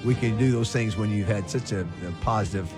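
A man's voice: fairly low pitch, brisk, over loud music. A man from Arkansas hosting a morning radio show, telling stories in a rambling way with many restarts. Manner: rambling storyteller, frequent restarts and fillers. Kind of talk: casual radio banter. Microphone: studio microphone.

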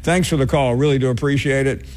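A man hosting a sports talk radio show, answering a caller in a measured way with frequent "uh"s. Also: medium pitch, fairly even intonation, a little mellow. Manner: measured, with filler "uh"s.

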